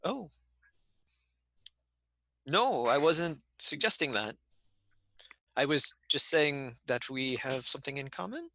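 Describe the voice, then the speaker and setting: Slow hesitant guy playing d&d, bright gravelly voice, dry sound. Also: fairly high pitch, sing-song, no echo. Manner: hesitant, polite, halting. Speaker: player. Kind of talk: casual tabletop role-play.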